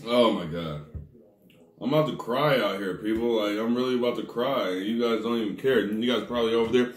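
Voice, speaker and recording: A man's voice: mid-range voice, expressive, normal speed. A man reviewing odd food combos for his viewers, groaning and complaining theatrically at every taste. His voice swings widely up and down. The sound bounces around a roomy, echoey space. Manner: dramatic, groaning reactions to the taste; talks straight to viewers as "people". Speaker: snack review vlogger. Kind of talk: casual food-tasting vlog talk.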